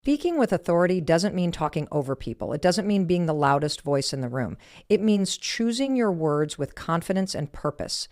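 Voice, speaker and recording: A woman's voice: deep voice, a little mellow, no room sound, clean studio sound. A woman delivering a motivational speech in emphatic, punchy short declarations. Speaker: motivational speaker.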